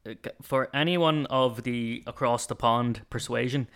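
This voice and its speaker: A man's voice: mid-range voice, a little slow, fairly bright tone, clean tone. An Irish man co-hosting a podcast, chatting casually with a mock-serious, wry humor. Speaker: podcast co-host. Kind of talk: casual chat.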